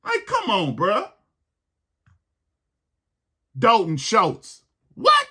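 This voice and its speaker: A man rants about his team with heated exasperation, hammering the same lines again and again. His voice sits high and swings widely in pitch. It has a bright, husky edge. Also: sing-song, unhurried. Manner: heated, exasperated ranting with repeated phrases. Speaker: sports podcast host. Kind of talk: ranting sports commentary.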